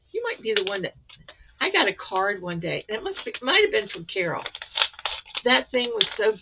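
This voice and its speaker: A woman chatting casually and excitedly as she shows off crochet squares for a vlog. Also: mid-range voice, gravelly, very noisy. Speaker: crochet vlogger. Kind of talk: casual show-and-tell chat. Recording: tinny phone-like sound.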